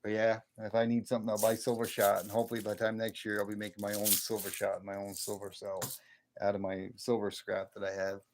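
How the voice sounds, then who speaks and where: Gravelly low-voiced man chatting on a stream. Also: completely flat delivery, fast, a little hiss or hum. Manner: rambling, folksy, thanks viewers by name. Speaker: livestream host. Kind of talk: casual live-stream chat.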